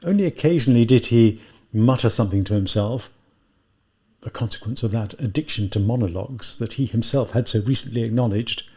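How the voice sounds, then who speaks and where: A man reading a classic novel aloud as an audiobook, in measured, deliberate narration. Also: mid-range voice, breathy edge. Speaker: audiobook reader. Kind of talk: scripted narration.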